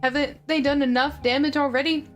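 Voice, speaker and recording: A condescending man brushes off the bees with scorn, as a woman puts him on in a story reading. The voice rides fairly high, with faint music in the background. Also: fairly even intonation, a little fast, close to an everyday voice. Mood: scornful. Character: dismissive grown man, a lawyer.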